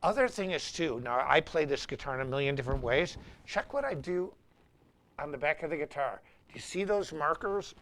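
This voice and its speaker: A middle-aged man hosting a live-streamed guitar lesson and talking in an animated, rambling, anecdotal way. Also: on the high side, brisk. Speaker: guitar teacher and show host.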